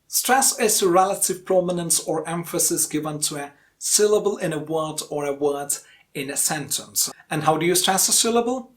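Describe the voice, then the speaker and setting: Woman teaching English pronunciation, slow and deliberate. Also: low voice. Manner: clear, deliberate, repeats example words slowly. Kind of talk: online pronunciation lesson.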